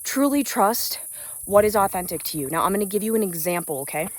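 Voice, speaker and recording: A spiritual business coach gives an unscripted motivational vlog while hiking a nature trail, slightly out of breath. She is earnest and uplifting, with a loose, rambling delivery full of fillers, in an animated, fairly quick, mid-range voice. It's recorded on a phone without an external mic, no echo, with crickets and insects in the background.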